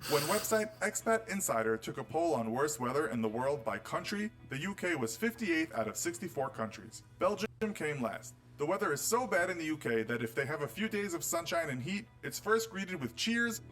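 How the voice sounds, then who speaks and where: Wry male narrator with lively pitch. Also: fairly quick, few pauses, soft background music, poor audio. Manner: wry, teasing delivery of facts. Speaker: video narrator. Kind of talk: scripted documentary narration.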